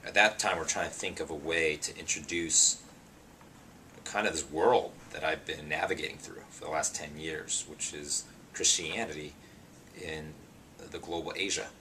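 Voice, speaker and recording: A young man with a low, deep voice and a bright, forceful edge, speaking in a casual interview. He tells his story in an animated, chatty way, full of ums and you-knows. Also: normal speed, a little hiss or hum. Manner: animated, chatty, many fillers like um and you know. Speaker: pastor and singer interviewed.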